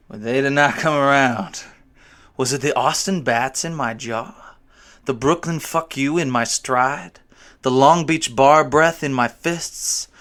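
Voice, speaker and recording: A man delivers a spoken word poem with a bright, sharp edge to his voice. He is declamatory, dropping into low asides and then surging into loud bursts. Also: clean tone. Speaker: slam poet. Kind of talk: spoken word poetry performance.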